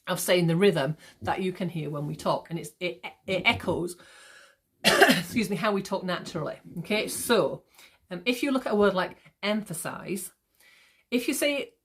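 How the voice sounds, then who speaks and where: A woman teacher talking to her students in a recorded lesson, checking in with "okay?" and slowing right down to exaggerate the stressed syllables. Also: on the low side, a bit bright, breathy edge. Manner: slow, exaggerated stress when demonstrating rhythm.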